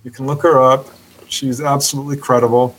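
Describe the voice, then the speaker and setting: A man voicing a mother who urges her son to see a hypnotist, a little higher than his own voice. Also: level tone, fairly quick, fairly bright tone, slight background noise, close to an everyday voice, poor audio. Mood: coaxing. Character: worried mother urging her grown son.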